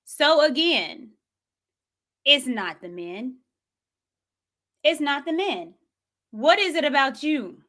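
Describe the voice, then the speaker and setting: A woman's voice: high voice, sing-song, slow pace, pauses often, sharp tone. A woman hosting a show, giving sassy, casual commentary and talking back to clips. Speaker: host reacting to clips.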